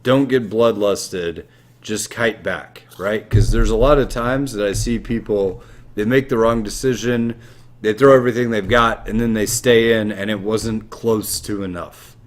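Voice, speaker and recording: Gaming podcast guy, animated and jokey, swears a lot while explaining. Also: on the low side, measured pace. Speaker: podcast co-host. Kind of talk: casual gaming podcast talk.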